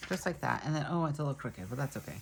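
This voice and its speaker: A woman's voice: very deep voice, animated, very fast, vocal fry, background noise. A woman planner vlogger chatting casually as she walks through each crafting step and laughs off her small mistakes. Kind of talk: casual crafting tutorial chat.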